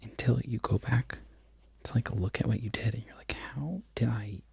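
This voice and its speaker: A man talks in a whispered ASMR ramble, his voice breathy and husky as it drifts from one aside to the next. He often forgets where he was going and laughs quietly at himself. Under the whisper his tone sits low and gravelly. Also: level tone, a little fast, no echo. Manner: rambling, loses his train of thought; self-deprecating, laughs softly at himself. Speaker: crochet content creator.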